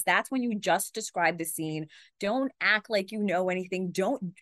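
A woman in her forties, a TV news anchor, talking fast and animatedly in a conversational interview and acting out quotes. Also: on the low side, no echo, clean studio sound. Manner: fast, animated talker who acts out quotes.

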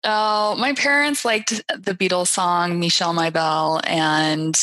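A woman's voice: lowish voice, steady tone, measured pace, sharp tone, no room sound. A woman guest on a podcast, friendly and explanatory, who laughs easily while chatting. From rural farm town. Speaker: podcast guest, chatbot specialist. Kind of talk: casual interview chat.

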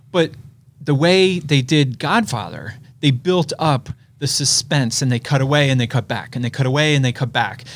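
Male co-host, casual film chat, opinionated, slightly higher voice. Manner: opinionated, animated storyteller.

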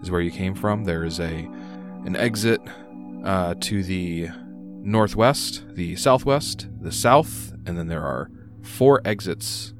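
A man's voice: low voice, slow pace, music in the background. A man narrating as game master, reading room descriptions with frequent "uh" hesitations.

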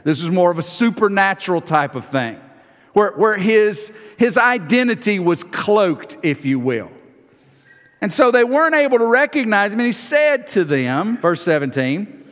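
A man preaching a sermon in a conversational way, often repeating a word as he starts a phrase and acting out the lines of the people in his text. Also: high-pitched. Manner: acts out the disciples' lines in quick, lively bursts. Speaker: pastor. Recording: long reverb of a large hall.

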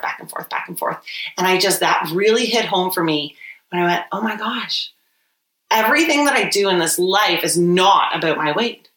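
A woman's voice: fairly low pitch, a bit bright. Reflective woman in a roomy room. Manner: open and reflective, many "like" fillers. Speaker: podcast guest. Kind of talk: candid personal storytelling. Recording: roomy echo.

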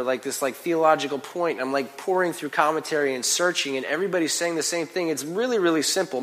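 Animated, conversational male preacher. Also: on the high side, rough recording. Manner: animated, conversational preaching with big swings in loudness; casual fillers like "like" and "you know". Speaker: pastor. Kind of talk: sermon.

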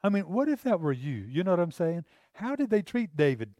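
A man's voice: high voice, sing-song, fairly quick, mellow, no room sound, studio quality. A middle-aged man preaching a sermon in an earnest, conversational way, often repeating words as he goes.

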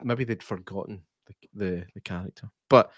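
A man, co-hosting a podcast and giving his easygoing, measured take on a film sequel. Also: lowish voice, dry recording, clean studio sound. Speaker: podcast co-host. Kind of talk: casual film review chat.

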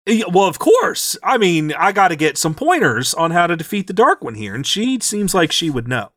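A man with a notably high speaking voice chats through a recap of his tabletop game as a podcast co-host. He keeps it casual and animated, dropping into the characters' lines in quick asides. The sound is dry and close, with no room around it. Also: dry recording.

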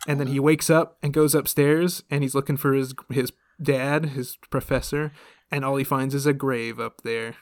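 Young man animated storyteller, dry close mic. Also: mid-range voice, moderate pace, dry recording. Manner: animated storyteller, laughing often. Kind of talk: casual retelling of a film to friends.

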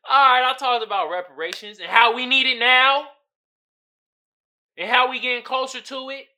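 A man hosting a podcast in a casual, comedic commentary style. He swears freely, laughs often, and swings from low mumbling to loud outbursts. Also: moderate pace. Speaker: podcast host.

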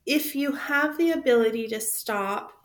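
A woman's voice: high-pitched, measured pace. A woman co-hosting a podcast in casual chat, thinking aloud and searching for her words. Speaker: podcast co-host.

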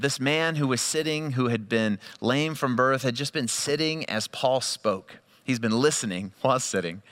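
Animated bright-voiced man preaching. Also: mid-range voice. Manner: animated storytelling, voice rising with excitement; conversational, with quoted asides and fillers. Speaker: pastor. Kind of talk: sermon.

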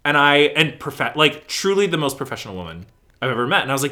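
A man talking casually in an interview about his work in theater company management, animated and gushing, acting out what people said. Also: on the high side, fast talker. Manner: animated, gushing storyteller who acts out quotes.

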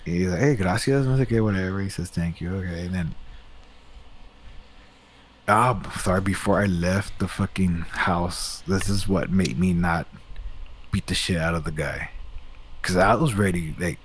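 A man's voice: sits low, normal speed, long pauses, breathy edge. A man casually telling a long story, rambling and swearing a lot as he gets worked up. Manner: rambling, profane, animated retelling.

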